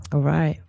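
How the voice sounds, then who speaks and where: A woman hosting a live stream, giving an intuitive card reading in a soft, reflective, unhurried way. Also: no room sound.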